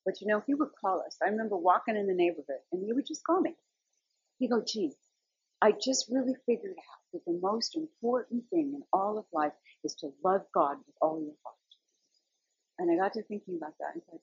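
Gravelly, husky woman giving a devotional talk. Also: mid-range voice, expressive, moderate pace, a little mellow, no echo, highs cut off. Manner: earnest, storytelling, conversational. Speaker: Christian speaker.

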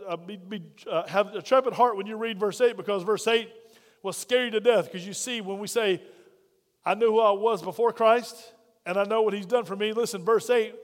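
High-voiced pastor preaching fervently. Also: male voice, big-room sound. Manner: fervent, calls out questions to the congregation. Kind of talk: sermon.

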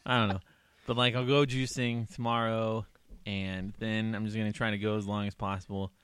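A man in casual conversation, tossing out playful what-if jokes and rambling stories. His voice sits a bit low, and the sound is close and dry, with no room echo. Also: little pitch movement, normal speed, a bit bright, smooth. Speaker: co-host. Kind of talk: casual chat.

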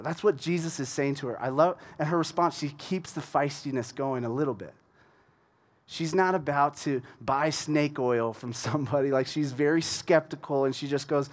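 Lively man teaching from the Bible. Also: on the high side, moderate pace. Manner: animated storytelling, retells scripture in everyday words.

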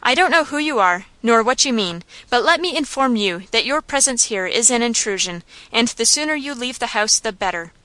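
A woman voicing a proud, uneasy young gentleman who speaks in a haughty, curt way. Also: on the high side, expressive, moderate pace, few pauses, no room sound.

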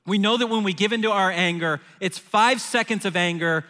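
Man, 40s, pastor, sermon storytelling, animated, forceful bright voice, long hall reverb. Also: high voice, brisk. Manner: animated storytelling, acts out his own panicked phone call.

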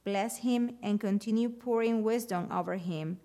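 A woman leading a spoken prayer in a steady, reverent manner before a sermon. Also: medium pitch, normal speed. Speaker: prayer leader.

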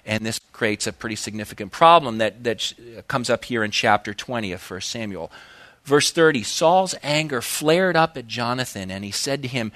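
Man, pastor, sermon, animated, emphatic slow stresses, dry recording. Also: no room sound. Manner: animated, with dramatic pitch swings and slow emphatic phrases.

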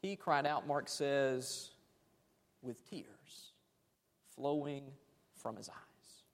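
A man's voice: medium pitch, drawn-out words, creaky. Preaching man in a reverberant hall. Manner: dramatic, phrases fading off to near silence. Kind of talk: sermon.

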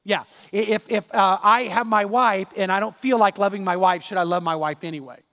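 A man's voice: high-pitched, steady tone, fairly quick, bright, forceful tone, big-room sound. A man preaching a sermon as pastor, telling a personal story with restarts and repeated words.

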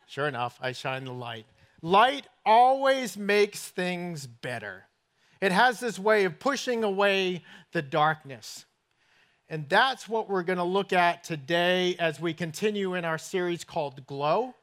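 A man's voice: high voice, lively intonation, a little slow, fairly bright tone. A middle-aged man, a pastor, giving a sermon in a church with folksy, self-deprecating stories. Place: church sanctuary.

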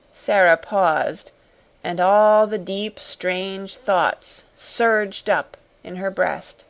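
Slow, measured woman narrator. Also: mid-range voice, vocal fry. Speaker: audiobook narrator. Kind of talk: scripted storybook narration.

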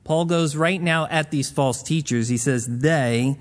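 A man's voice: fairly high pitch, unhurried. A man preaching a Bible teaching in a casual, conversational way, retelling scripture stories in plain modern words.

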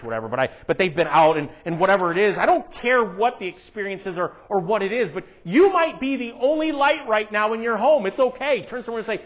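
A man preaching a sermon in church, animated, swinging between hushed asides and loud emphatic lines. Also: sits high, fast, few pauses, lo-fi sound. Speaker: pastor.

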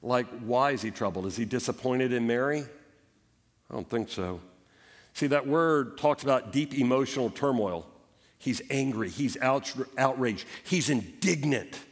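A man preaches with a mid-pitched voice in a church sanctuary, and the sound carries a long, echoing reverb off the walls. He retells scripture in lively storytelling, swinging between emphatic, raised passages and hushed, low ones. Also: a little slow. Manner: animated storytelling preaching, voicing Bible characters. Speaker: pastor. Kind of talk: sermon.

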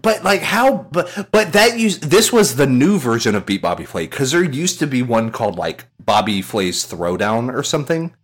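A man in casual podcast banter, animated and laughing, often swearing and mimicking people. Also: mid-range voice, moderate pace, few pauses. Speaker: podcast co-host. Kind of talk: casual chat.

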